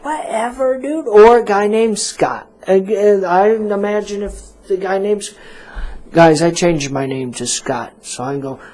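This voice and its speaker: A male radio talk host who drawls along at an unhurried pace, circling his point with fillers and self-mocking asides. He sounds relaxed and chatty, as if in a small radio studio. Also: high voice.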